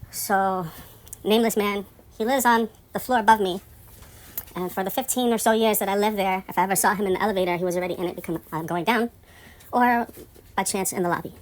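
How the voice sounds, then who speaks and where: Indignant rambling woman telling a story. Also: fast. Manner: indignant, rambling, profane, swings loud and high when exasperated. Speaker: vlogger telling a story about her building. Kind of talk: casual storytelling monologue.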